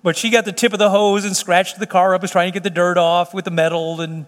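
A man's voice: high voice, level tone, fast. A man preaching as pastor in a church, earnest and emphatic with folksy asides, then leading a prayer. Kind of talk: sermon and closing prayer. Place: church sanctuary. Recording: long hall reverb.

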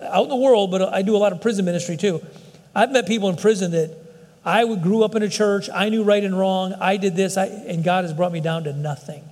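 A man's voice: high-pitched, a little mellow. A man preaching a sermon as a pastor, speaking in a conversational way with fillers and restarts. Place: church sanctuary. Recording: long hall reverb.

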